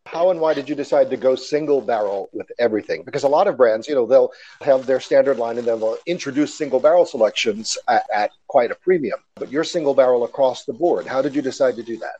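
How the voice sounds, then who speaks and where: A podcast host asking measured, well-informed questions. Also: mid-range voice, mellow, highs cut off. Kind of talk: interview questions.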